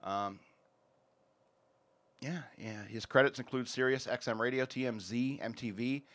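This podcast host has a mid-range voice that's a bit bright and a little slow. Working through sponsor reads on his casual show, he's rambling and jokey, with many fillers.

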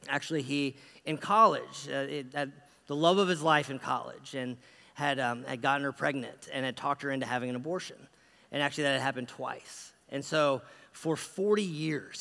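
Gravelly, forceful male preacher in a hall. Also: fairly high pitch. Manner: conversational and earnest, frequent restarts. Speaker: pastor. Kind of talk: sermon storytelling. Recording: long reverb of a large hall.

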